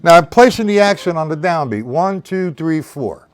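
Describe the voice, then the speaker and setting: A man's voice: fairly high pitch, lively intonation, normal speed. A man teaching a live-streamed drum lesson. He counts rhythms aloud, calls out stickings and talks to viewers by name. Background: drum kit.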